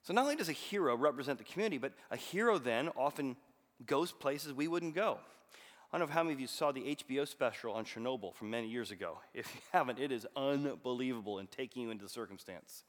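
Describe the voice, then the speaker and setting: Preacher in a big echoing hall. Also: male voice, mid-range voice, animated, quick pace. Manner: storytelling, reading scripture aloud with sudden loud emphasis. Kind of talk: sermon. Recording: long hall reverb.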